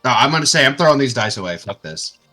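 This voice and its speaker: A man playing a tabletop game, good-humored and quick to mock his own bad luck. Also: medium pitch, sing-song, pushed and bright, soft background music. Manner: good-humored, self-mocking. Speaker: player.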